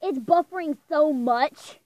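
A woman hosting a casual reaction video, playful and excitable, joking back at what she watches, with music from the video playing behind. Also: high voice, measured pace, no echo, lo-fi sound. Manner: playful, excitable, jokey banter. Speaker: video reactor, channel host. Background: music from the video being watched.

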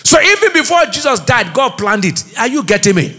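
Preaching to his congregation and having them finish his phrases, this middle-aged Nigerian pastor uses an extremely high, sharp voice with big pitch swings. His pace is fairly quick, and the setting is a church auditorium.

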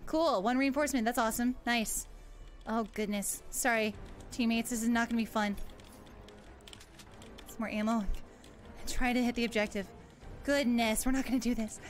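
A woman streaming a game, chatting casually with her viewers in a playful, giggly way with mock panic. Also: fairly high pitch. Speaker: VTuber streamer. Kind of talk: casual gameplay livestream.

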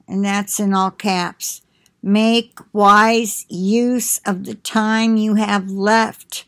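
A woman reads devotional messages aloud at an extremely slow, deliberate pace. Her pitch sits in a middle range. Now and then she breaks off to explain something more quickly in her own words. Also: little pitch movement, a bit bright. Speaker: reader of prophetic messages. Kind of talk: slow devotional reading with asides.

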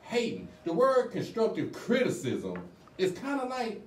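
A laid-back man hosts a radio interview, his voice a touch high for a man. He talks in loose slangy questions and stumbles over repeated words. The recording sounds echoey and distant, with a faint hiss. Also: wildly swooping pitch, unhurried, a little mellow. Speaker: radio show host. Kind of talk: casual interview.

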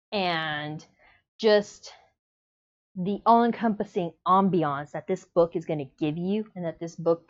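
A woman's voice: on the low side, highs cut off. A woman giving a casual, emotional book review on video, acting out her own reactions.

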